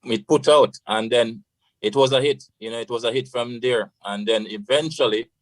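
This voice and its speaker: A Jamaican man appears as a radio guest, telling a long story loosely and casually in a mid-range voice at a normal pace. He rambles, slips into patois phrases, and says "you know" often. The recording is dry and rough.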